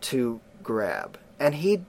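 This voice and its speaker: A middle-aged man talks loosely and at length about a movie, his pitch sitting mid-range. He slips into acted voices as he retells scenes, keeping a relaxed, conversational flow. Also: drawn-out words, creaky. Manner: animated storyteller, acts out scenes in voices. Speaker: podcast co-host reviewing a film. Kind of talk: casual chat.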